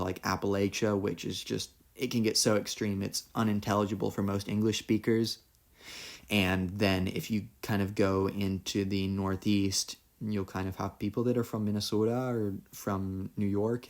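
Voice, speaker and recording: Lecturer, male, lowish voice, relaxed explanatory delivery with casual fillers, reads quotes aloud. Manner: explanatory, loosely conversational with fillers. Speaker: philosophy lecturer. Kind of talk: recorded solo lecture.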